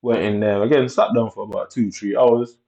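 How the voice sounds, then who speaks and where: Low, warm-voiced man ranting. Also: steady tone, moderate pace, gravelly. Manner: blunt and profane, acting out others' lines with sudden high jumps. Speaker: vlogger telling a personal story. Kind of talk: casual storytelling. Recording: dull lo-fi recording.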